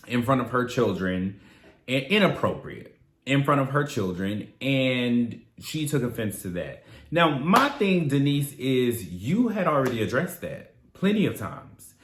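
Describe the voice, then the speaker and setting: A man's voice: medium pitch, echoey room. Sassy man recapping reality TV. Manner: sassy, blunt and profane, with slangy asides. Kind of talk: casual video recap commentary.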